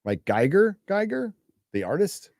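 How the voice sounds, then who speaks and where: A man's voice: high voice, very animated, unhurried, gravelly, a little mellow, no echo, clean studio sound. A man hosting a casual live-stream chat, reading out donations with laid-back, chuckling asides. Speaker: show host reading out donations.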